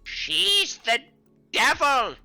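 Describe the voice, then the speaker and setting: A man voicing a paranoid, panicky old man who has lost his bones, in a shrill, frantic yell. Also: sing-song, extremely slow, gravelly, full character voice. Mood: panicked.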